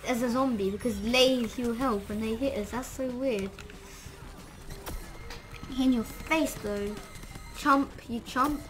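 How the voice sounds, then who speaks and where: A woman giving casual gameplay commentary, excitable and trash-talking, with lots of "literally" and "like". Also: fairly high pitch, slow pace, pauses often. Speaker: gamer. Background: game music.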